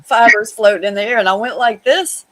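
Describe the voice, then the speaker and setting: A woman's voice: fairly high pitch, brisk, a bit bright. A woman in a casual chat, telling playful anecdotes full of quoted dialogue.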